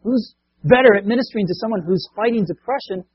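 A man's voice: sits high, quick pace, husky, lo-fi sound. A man preaching a sermon as a pastor, talking conversationally and often asking the congregation rhetorical questions.

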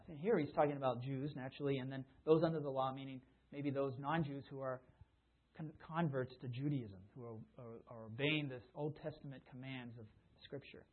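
A man's voice: medium pitch, fairly even intonation, brisk. A man preaching a sermon in a conversational way, often restarting his sentences. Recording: tinny phone-like sound.

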